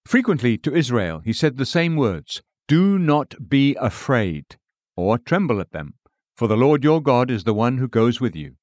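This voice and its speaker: A man giving a scripted devotional reading, measured, slowing and lifting his voice for quoted scripture. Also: mid-range voice, no room sound, studio quality. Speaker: devotional reader.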